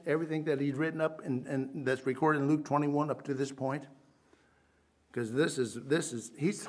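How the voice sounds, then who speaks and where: Preaching in a slightly high voice, this man moves between forceful outbursts and hushed side remarks, calling biblical terms by Hebrew names.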